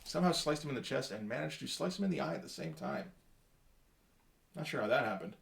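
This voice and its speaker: A man talks his way through a comic book, one page at a time. He speaks at an ordinary, middling pitch, stopping and restarting often and dropping dry, wry asides as he goes. The delivery is loose and unscripted, like a casual review. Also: very animated, gravelly. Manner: rambling, halting, with many fillers and wry asides.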